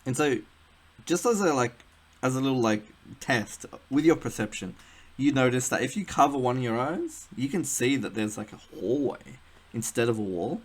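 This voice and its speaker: A man's voice: medium pitch, animated, normal speed, slightly rough. A man narrating a tabletop game as game master, rambling with lots of fillers and a giggly manner.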